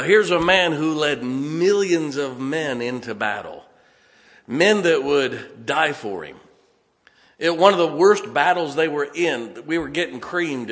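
A man's voice: fairly high pitch, a bit bright. A man preaching a sermon, telling stories in a folksy way and often correcting himself mid-sentence. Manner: folksy storytelling, self-correcting. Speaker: pastor. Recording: long hall reverb.

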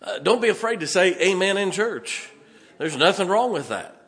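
A man's voice: high voice, normal speed. A man preaching a sermon as pastor, folksy and joking, telling stories and raising his voice for emphasis. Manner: lively, raises voice for emphasis.

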